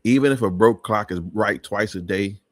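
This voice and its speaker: A man's voice: on the low side, normal speed, no echo, clean studio sound. A man hosting a live talk show, speaking in an emphatic, preachy way with many restarts.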